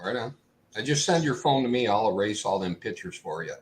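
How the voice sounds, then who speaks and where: A man in casual chat, teasing his friends with quick wisecracks. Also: on the low side, animated.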